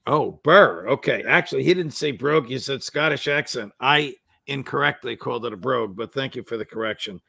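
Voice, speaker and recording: A man hosts an interview, his voice bright and edged with a gravelly rasp. He asks his questions courteously and at a measured pace. The sound is close and dry, with no room around it. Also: mid-range voice, no echo. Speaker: show host. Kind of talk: remote interview.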